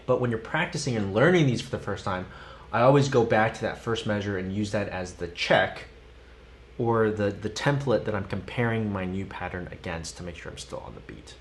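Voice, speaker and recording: A man's voice: lowish voice, brisk, slight background noise. A man teaching a live-streamed drum lesson, chanting counts and stickings in a sing-song way between explanations. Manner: sings counts and sticking aloud while demonstrating. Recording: loud instrument and metronome behind.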